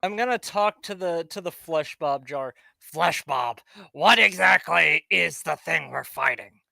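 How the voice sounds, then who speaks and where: A man taking part in a tabletop game session, asking questions in a casual, curious way. His voice is gravelly, with a very bright, sharp tone. The sound is dry and close. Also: fairly high pitch, a little slow, dry recording. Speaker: player.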